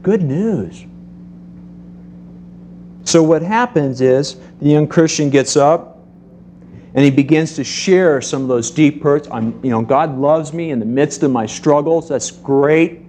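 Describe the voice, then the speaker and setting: A middle-aged man preaching a sermon to a congregation, telling stories in a lively way and acting out the voices in them. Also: a little high, unhurried, a little hiss or hum. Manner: animated storytelling, acts out voices. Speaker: pastor.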